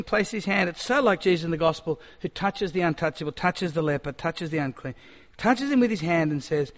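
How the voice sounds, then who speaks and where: A man preaching a sermon, animated and acting out quoted speech, in a church hall. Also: high-pitched. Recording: long-reverb hall, dull sound.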